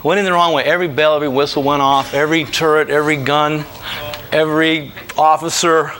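Male storyteller, lively and laughing, slightly raised voice, comic road-trip yarn. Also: on the high side, fairly quick, a little hiss or hum. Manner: animated, laughing asides, acts out voices. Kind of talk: comic travel anecdote told live.

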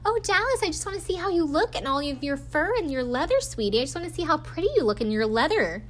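A high, syrupy, sing-song voice of a shameless woman villain who taunts her target with sweet pet names, as a woman recapping a show puts her on. The pitch floats well above a normal speaking voice, and the sweetness is plainly fake and menacing. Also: expressive, fast. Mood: creepy sweet.

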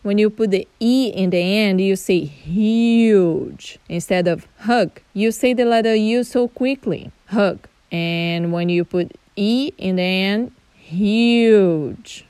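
A young Brazilian woman with a Brazilian accent, hosting a casual teaching podcast, chatty, laughing often and spelling words out slowly. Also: mid-range voice, a little mellow, smooth, dry recording. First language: Portuguese. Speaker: podcast host.

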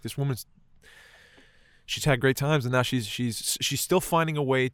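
A man's voice: mid-range voice, normal speed, a bit bright, clean tone, no room sound. A man telling a moving personal story in casual conversation, swearing often and filling his talk with "like" and "right". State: choked up.

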